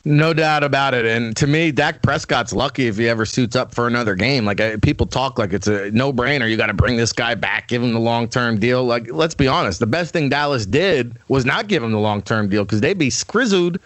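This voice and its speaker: A man's voice: medium pitch, a little fast, few pauses, a bit bright, dry recording. A man giving opinionated, emphatic football analysis as a weekly guest, with frequent restarts. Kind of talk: casual sports talk.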